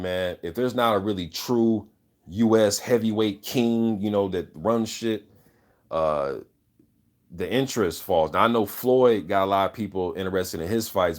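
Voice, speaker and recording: A man with a fairly low voice hosts an unscripted, casual boxing talk, riffing on viewer comments. He's loose, profane and opinionated, and keeps checking in with "you know what I'm saying".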